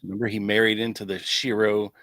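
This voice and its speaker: A man's voice: on the low side, little pitch movement, a little fast, a bit bright, dry recording. A man hosting a podcast, reading old documents aloud in a casual way and breaking in with wry asides. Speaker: podcast host.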